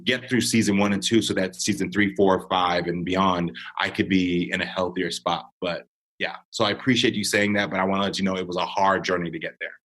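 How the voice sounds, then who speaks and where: A man in his thirties, a podcast guest talking earnestly and reflectively, getting animated when he tells a story. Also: low voice. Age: 30s. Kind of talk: podcast conversation.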